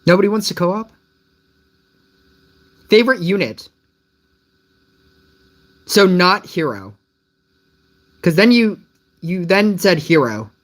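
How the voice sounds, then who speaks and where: A mobile game streamer chatting live with viewers, rambling and puzzled, with many restarts and gentle teasing of the chat. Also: mid-range voice, lively intonation, slow pace, long pauses.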